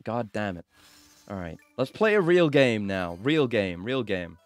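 A man's voice: on the low side, big pitch swings, measured pace, no room sound, soft background music. A man streaming a video game, chatting casually in a rambling, mildly frustrated way and swearing now and then. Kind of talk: casual gaming stream chat.

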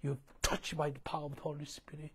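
A man preaching a sermon, questioning the congregation and moving between loud emphasis and hushed tones. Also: on the high side, little pitch movement, quick pace, husky. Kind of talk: sermon with call-and-response.

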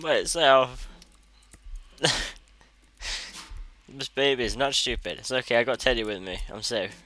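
A man's voice: medium pitch, unhurried, long pauses, bright, forceful tone. A man commenting on a horror game as he plays, joking and talking as the toddler he controls, with sudden startled yelps. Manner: jokey, talks as the toddler he plays, jumpy yelps. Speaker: gaming commentator.

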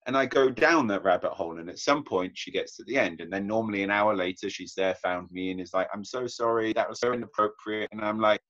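A man's voice: sits low, fast talker, few pauses, fairly bright tone. A young man sharing earnestly in an online workshop, reflective, acting out remembered conversations. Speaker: workshop participant. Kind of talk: personal sharing in an online group. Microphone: video call. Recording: muffled video call audio.

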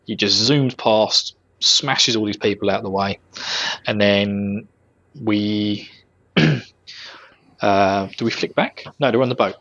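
A man's voice: lowish voice, fairly even intonation, slow, pauses often, a bit bright, muffled recording. A man co-hosting a casual podcast, chatting loosely and laughing often. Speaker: podcast co-host. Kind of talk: casual chat.

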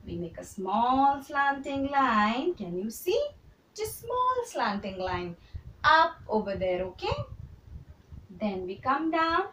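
A woman kindergarten teacher gives a handwriting lesson to small children, slowly repeating steps and praising them. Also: sits high, very animated, fairly bright tone, recorded from a distance, a little hiss or hum. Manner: slow, repetitive, encouraging drills for small children. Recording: roomy echo, voice a little off the mic.

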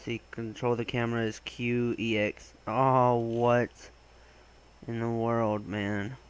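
Slow-talking excitable young gamer man. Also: mid-range voice, clear, resonant tone, rough recording. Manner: excitable, swears often, bursts into loud exclamations. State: voice cracking. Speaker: gaming channel host. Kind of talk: gaming commentary.

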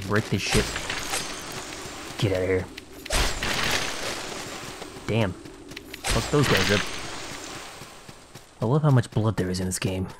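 The recording is very noisy as a gaming channel host plays a video game, muttering sleepily to himself, yawning, cursing now and then, and admitting he's tired. He speaks in a low voice, slowly, pausing often.

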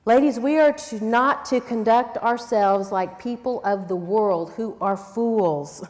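A middle-aged woman teaches a sermon at a women's conference in a large church hall with long reverb. Her voice is a little high, slow and darkish, and she is earnest and emphatic, often asking rhetorical questions.

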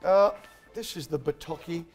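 Australian male comedy sports host, high voice, matey and rambling. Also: moderate pace, faint music behind. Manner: blokey, rambling, calls everyone mate. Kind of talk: comedic sports talk show hosting.

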